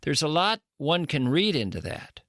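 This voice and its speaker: A man's voice: sing-song, normal speed, a bit bright, no room sound. Dry-sounding male host recapping dramatically. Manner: dramatic recaps, reads lines aloud in a low voice. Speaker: radio host. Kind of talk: interview talk.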